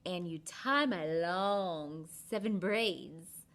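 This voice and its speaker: A woman's voice: fairly low pitch, very slow, a bit bright. A woman voicing an overconfident strongman who boasts in an offhand way. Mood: boastful.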